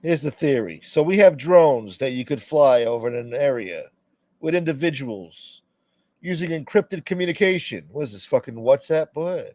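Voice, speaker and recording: A man hosts a loose livestream chat, wandering from topic to topic and cursing as he reads comments from his viewers. His voice sits at an ordinary middle pitch. It is recorded close and dry, with almost no room sound. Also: animated, normal speed, a little mellow, dry recording. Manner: rambling, profane, reads chat aloud. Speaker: livestream host.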